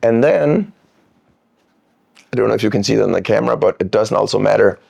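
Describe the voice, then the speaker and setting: Man, breathing coach, podcast guest, calm, demonstrative, gravelly, lowish voice. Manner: calm, demonstrative, drawn-out words. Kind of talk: instructional podcast talk.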